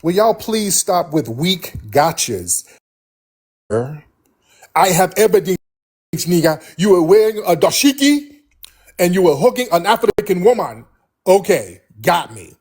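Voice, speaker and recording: A man's voice: sits high, very animated, slow pace, pauses often, darkish tone, husky. A man hosting a livestream call-in debate, combative and repeating pointed questions at a caller. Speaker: livestream host.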